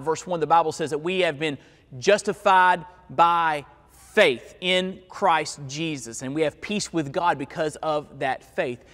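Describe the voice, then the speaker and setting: High-voiced preacher in a reverberant church. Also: male voice, fairly bright tone. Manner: emphatic preaching with slow, drawn-out key words. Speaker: pastor. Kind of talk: sermon. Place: church sanctuary. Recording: long hall reverb.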